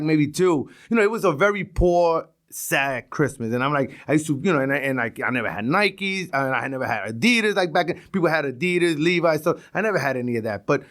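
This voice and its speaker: A middle-aged man from Brooklyn with a New York accent, telling stories as a podcast guest, animated and full of restarts. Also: fairly high pitch. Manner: animated, restarts a lot, acts out quotes. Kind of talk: casual storytelling interview.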